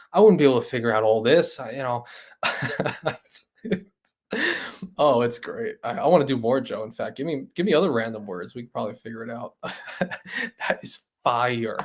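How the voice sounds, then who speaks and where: Male streamer, rambling, chatty, laughs often, average pitch. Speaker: livestream host. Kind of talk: casual livestream chat.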